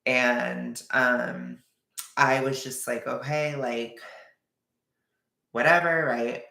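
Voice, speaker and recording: A man's voice: mid-range voice, level tone, very slow, creaky, sharp tone, reverberant. A young man telling a personal story in a casual, rambling way, full of fillers and quoted back-and-forth.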